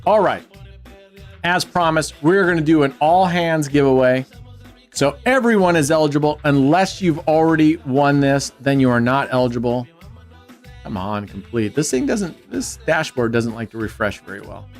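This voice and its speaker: Male stream host, upbeat teasing banter, a bit high-pitched, soft music bed. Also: animated, normal speed. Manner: joking, teasing banter with chat. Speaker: livestream host. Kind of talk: casual livestream chat.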